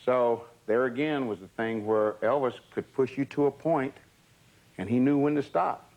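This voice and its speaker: An older man, telling stories in an interview in a measured, plainspoken way. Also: mid-range voice, dull audio. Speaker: interviewee, former entourage member. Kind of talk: storytelling reminiscence.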